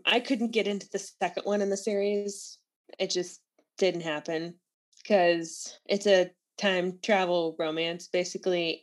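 A relaxed woman chats candidly about books on a podcast. She talks slowly and unhurriedly. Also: lowish voice. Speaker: podcast co-host. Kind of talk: casual book chat.

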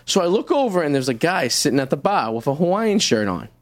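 A man from Revere, co-hosting a studio radio show and telling a long, rambling road-trip story with halting restarts. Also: on the high side, very animated, no room sound. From Revere, Massachusetts. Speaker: co-host. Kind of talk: casual studio radio chat.

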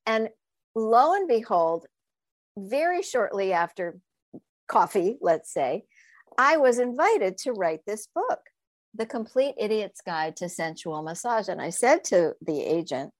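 A woman's voice: mid-range voice, a little slow, dry recording. A woman sex coach and author telling stories in a casual interview, laughing often and acting out the voices of people she quotes. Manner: animated, laughing storyteller who acts out quoted voices.

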